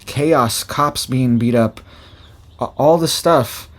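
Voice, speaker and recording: A man's voice: mid-range voice, takes it slowly. A man hosting a news commentary video, reading reports aloud and repeating himself in an agitated, talkative way. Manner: agitated, repetitive, reads a list aloud. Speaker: commentary channel host.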